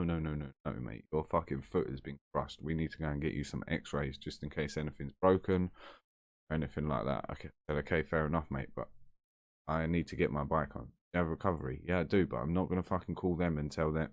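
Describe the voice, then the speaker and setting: Very deep-voiced sweary bloke. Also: male voice, dry recording, clean studio sound. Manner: blunt, sweary, chatty. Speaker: vlogger. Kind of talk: casual storytelling to camera.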